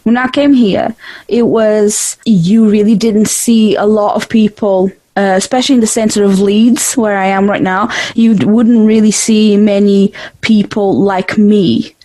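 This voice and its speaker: A woman's voice: medium pitch, fairly even intonation, a little slow, dark tone, no room sound, rough recording. A woman from Eastern Europe with a blended Yorkshire and Eastern European accent, hosting a podcast in casual, chatty talk full of fillers and restarts. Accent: Yorkshire mixed with Eastern European. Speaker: podcast host. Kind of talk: casual interview chat. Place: home in Leeds.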